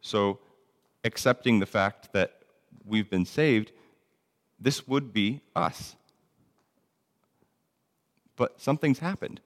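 A man's voice: fairly low pitch, slow, pauses often, big-room sound. A man teaching a Bible lesson in a conversational way, reading verses aloud between plain explanations with frequent ums and restarts.

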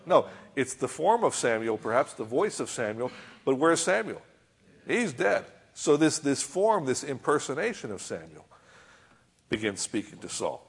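A man preaching a sermon with a husky, slightly breathy voice. He talks through scripture in a conversational way. He keeps checking in with his listeners through rhetorical questions. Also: medium pitch, big pitch swings, moderate pace. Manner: reads scripture aloud and comments on it.

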